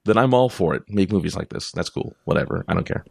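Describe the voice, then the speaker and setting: A man's voice: low-pitched, expressive, fast talker, vocal fry, darkish tone, slightly rough, dry recording, studio quality. A man hosting a podcast in a casual, rambling monologue, going off on tangents and laughing often. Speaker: podcast host.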